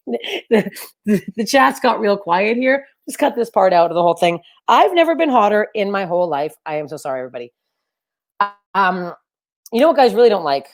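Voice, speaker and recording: A young woman with a low, deep voice, performing a loud, energetic, self-deprecating stand-up set over a webcam. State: sweaty and overheated. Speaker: stand-up comedian. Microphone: webcam for a virtual show.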